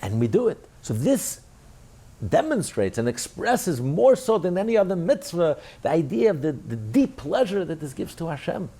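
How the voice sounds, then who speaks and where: A man's voice: fairly high pitch, sing-song, moderate pace, dark tone, breathy edge. A man teaching a rabbinic class, asking and answering his own questions and voicing God's words in the first person with rising emphasis. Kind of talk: Torah class lecture.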